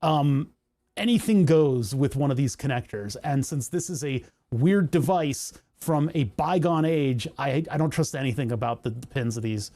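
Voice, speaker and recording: A man's voice: mid-range voice, lively intonation, normal speed, dark tone. A young man from the United States, chatting casually on a live stream, rambling through jokey rants and laughing often.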